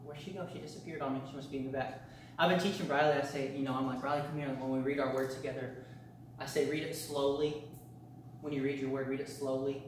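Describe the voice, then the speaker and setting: In a church meeting room, a male pastor leads a discipleship class in a medium-pitched, steady voice at a quick pace. He's earnest and repetitive, with a preaching cadence and frequent restarts. The room is very echoey, the mic is far off, and there's slight background noise.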